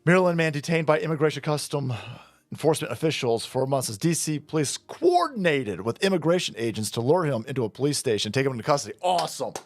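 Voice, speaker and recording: A man's voice: on the high side, very animated, quick pace, no room sound, faint music behind. Indignant ranting male commentator. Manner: sarcastic, indignant, swearing. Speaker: political commentator.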